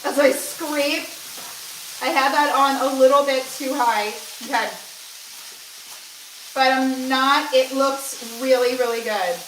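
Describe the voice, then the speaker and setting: A woman in her forties with a bright, fairly high voice talks in a chatty, encouraging coaching tone, often restarting her sentences. She speaks casually as a nutritionist on a cooking livestream. Her voice carries the echo of a home kitchen. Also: fairly even intonation, slow, long pauses, slight background noise. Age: 40s. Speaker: nutritionist and weight loss coach.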